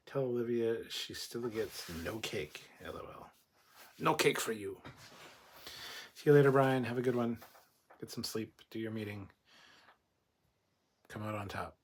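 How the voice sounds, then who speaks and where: A man's voice: on the low side, a bit bright, a little hiss or hum. A man hosting a casual livestream, reading chat comments aloud and giving blunt, opinionated replies with plenty of swearing.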